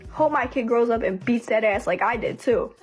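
A young woman vents on her livestream in a fairly high voice, blunt and heated, swearing freely. Faint music plays behind her. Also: moderate pace. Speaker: livestream host. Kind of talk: casual livestream venting.

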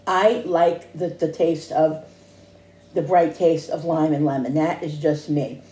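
A woman's voice: sits low, steady tone, a little slow, mellow. A woman chatting casually in a home cooking vlog, rambling with restarts and tasting hums. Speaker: cooking vlogger. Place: home kitchen. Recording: echoey kitchen with dish clatter.

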